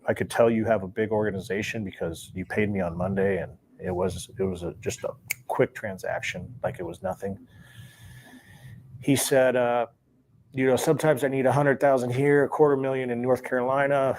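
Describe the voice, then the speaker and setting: A man, a former sports bookie, casually telling a long story and acting out the dialogue he recalls. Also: mid-range voice. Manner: relaxed, acts out quoted dialogue, chuckles between lines.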